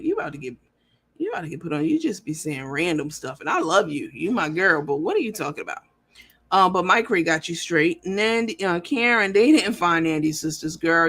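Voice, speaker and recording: A woman's voice: on the low side, husky. A woman hosting a casual livestream who reads viewer comments aloud and talks in a blunt, profane, rambling way. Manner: animated and lively. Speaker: livestream show host.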